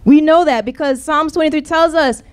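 A woman gives a passionate church sermon in a strikingly high voice. She presses her points by circling back to the same refrains again and again. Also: normal speed. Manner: impassioned, repeating refrains. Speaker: preacher.

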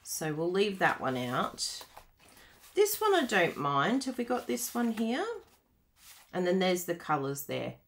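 Woman, craft demonstrator, lively voice, chatty, laughs a lot. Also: lowish voice, measured pace. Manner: chatty, laughs often, reads out viewer comments. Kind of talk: live card-making tutorial.

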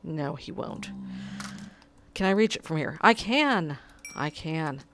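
Low-voiced woman muttering through a game. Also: expressive, slow, fairly bright tone, a little hiss or hum. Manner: muttering to herself, pleading with her cat. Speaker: gamer. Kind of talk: casual gameplay commentary.

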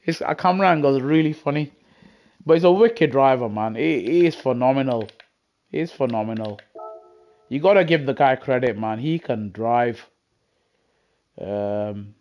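This British sim racer live-streams while racing, chatting casually to his live chat through a gaming headset. His voice is medium-pitched and darkish, and he rambles and chuckles as he plays.

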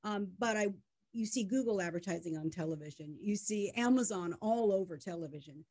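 Middle-aged woman founder, interview guest, emphatic and animated, mid-range voice. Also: medium pitch, brisk. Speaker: media tech startup co-founder, guest. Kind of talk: conversational interview.

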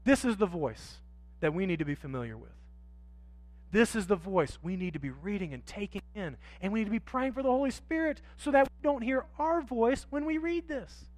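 A man preaching a sermon in church, swinging from quiet asides to loud, drawn-out emphasis and acting out voices of street sellers and pleading sinners. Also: high-pitched, expressive. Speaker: pastor. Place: church sanctuary.

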